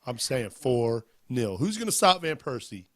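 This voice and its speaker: A man's voice: medium pitch, very animated, a little slow, fairly bright tone, no room sound, clean studio sound. Sore-throated man hosting a sports podcast. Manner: upbeat, announcer-like plugs. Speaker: podcast host. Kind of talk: casual sports chat.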